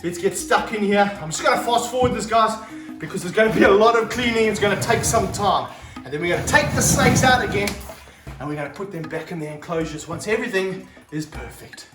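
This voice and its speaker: An energetic man, handling and filming a snake outdoors for his vlog, exclaiming and coaching a helper. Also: sits high, a little fast. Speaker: snake handler and wildlife vlogger. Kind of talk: excited hands-on wildlife vlog. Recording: roomy sound, mic held off at a distance, faint music behind.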